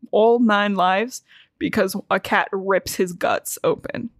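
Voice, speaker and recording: A woman hosting a casual book-recap podcast, swearing freely and retelling scenes with animated, giggly energy. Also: mid-range voice, takes it slowly, no room sound, clean studio sound. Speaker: podcast host.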